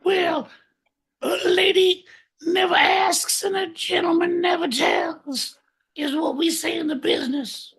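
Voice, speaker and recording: A squeaky, bragging hype-man character, loud and cocky, for comedy podcast. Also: fairly even intonation, slow, vocal fry, heavily acted. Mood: boastful. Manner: shouty, hyped. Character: brash boastful male lightning-round guest.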